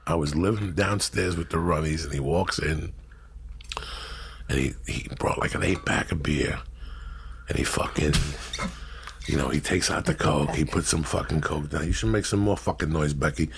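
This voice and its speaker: A middle-aged man telling crude, profane stories in a brash, animated way on a talk show. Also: very deep voice, moderate pace, vocal fry, slight background noise. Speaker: storyteller guest. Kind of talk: profane casual storytelling.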